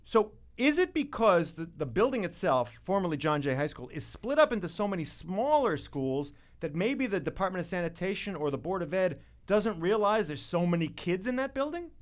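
A man's voice: high voice, very animated, normal speed, hardly any pauses. A man hosting a talk show, wisecracking and rambling through jokes and restarts. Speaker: radio show host. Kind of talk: jokey talk-show banter.

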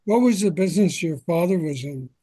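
An older man hosts an interview podcast from his home, his voice sitting a little high. He opens with a measured, scripted welcome, then moves into plain, direct questions for his guest. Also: expressive, mellow, slightly rough. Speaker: podcast host.

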